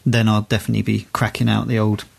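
A man's voice: lowish voice, completely flat delivery, quick pace, creaky. A man co-hosting a podcast, chatting casually and rambling with lots of restarts and fillers. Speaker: podcast co-host. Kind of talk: casual chat.

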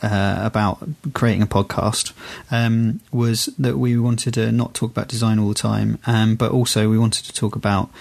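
A man's voice: on the low side, flat delivery, moderate pace, creaky, few pauses, a little mellow. A man co-hosting a podcast, chatting casually and rambling with lots of restarts and fillers. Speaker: podcast co-host. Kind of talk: casual chat.

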